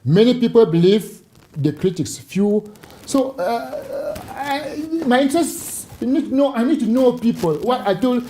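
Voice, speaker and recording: Man, mellow storytelling guest. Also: very high-pitched, unhurried, slight background noise, rough recording. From Cameroon. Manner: animated storyteller, repeats words when starting a thought. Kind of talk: talk show conversation.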